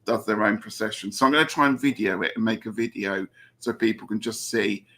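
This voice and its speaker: A man's voice: lowish voice, steady tone, fairly quick, vocal fry, pushed and bright. A man with a Southern English accent hosting a casual live-stream chat, reading out viewer comments and laughing often. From England. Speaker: host.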